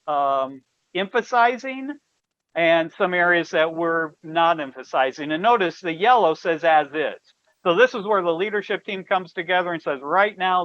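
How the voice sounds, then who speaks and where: A man's voice: on the high side, no room sound. Man presenting slides on a muffled call. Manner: explanatory, directs slide changes. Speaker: webinar presenter. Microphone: video call. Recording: dull lo-fi web call audio.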